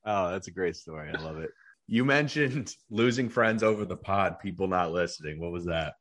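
A man's voice: low voice, expressive, moderate pace, fairly bright tone. A man co-hosting a podcast who chats casually, making short, wry reactions and teasing jokes. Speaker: podcast co-host. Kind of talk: casual chat.

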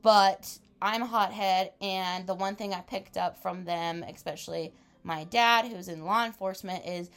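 A woman in her twenties who co-hosts a podcast speaks at a moderate pace in a medium pitch. In an easygoing chat she tells a wild story, animated and laughing, acting out people's words.

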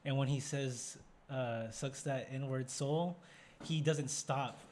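A man's voice: medium pitch, takes it slowly, darkish tone. Young man hosting a casual podcast. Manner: storytelling, acting out scenes with quoted voices. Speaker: podcast host. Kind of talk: casual chat. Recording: faint background noise.

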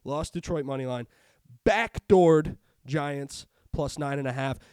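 High-pitched guy ranting about bets, swears a lot, dry close mic. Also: unhurried, clean tone, no echo. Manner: profane, ranting, animated. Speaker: sports betting podcast host. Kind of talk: casual chat.

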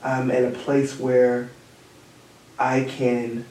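A man's voice: medium pitch, monotone, drawn-out words, a little mellow. A man who is a guest on a podcast in casual chat, earnest and preachy, repeating his points. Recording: very echoey room, far from mic.

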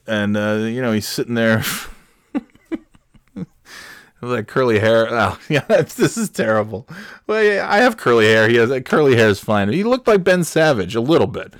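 A man's voice: lowish voice, no echo, clean studio sound. A man hosting a podcast, telling a rambling, profane childhood story and chuckling as he goes. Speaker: podcast host. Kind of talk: casual storytelling.

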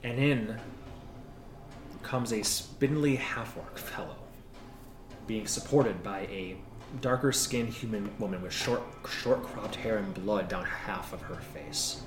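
A man's voice: on the low side, slow, roomy sound, music in the background. A man narrating as game master in a laid-back way, describing scenes with casual swearing.

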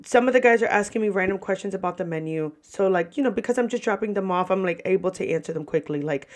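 A woman's voice: medium pitch, expressive, fast, few pauses. A woman hosting a podcast and telling stories from her job as a server in a candid, casual way, swearing freely and acting out what customers said. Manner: acts out customer quotes in shifting voices. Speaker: podcast host and restaurant server. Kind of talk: casual storytelling.

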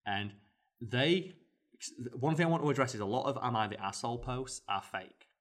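A man's voice: medium pitch, normal speed. Man telling a story animatedly. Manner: animated storytelling, mimics people in quotes. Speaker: podcast co-host. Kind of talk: casual chat.

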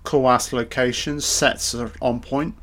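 A man's voice: medium pitch, steady tone, unhurried, fairly bright tone. A man giving a casual audio commentary on a film, chatty, joking and swearing a lot.

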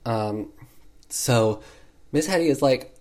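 Male host, mid-pitched, casual sarcastic film recap, lots of filler words. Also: takes it slowly, a little mellow. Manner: sarcastic, heavy use of 'like' fillers.

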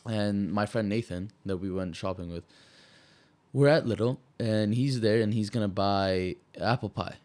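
A young man talks in a loose, laid-back podcast chat. He is blunt and animated and swears a lot when he makes a point. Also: on the low side, measured pace. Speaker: podcast co-host. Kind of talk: casual chat.

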